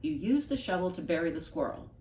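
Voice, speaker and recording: A woman's voice: lowish voice, a little mellow, slight background noise, close to an everyday voice. A woman doing a blunt, exasperated mother. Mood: firm. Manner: slow, word-by-word insistence. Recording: echoey room, mic at a distance.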